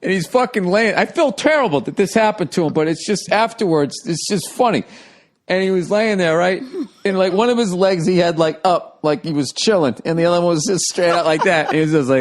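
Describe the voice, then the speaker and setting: A man hosting a podcast who spins a story with loose, profane comedy. His voice sits a bit high for a man. He talks casually and keeps laughing at his own tale. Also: fast talker. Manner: profane, animated, breaks into laughter. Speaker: podcast host.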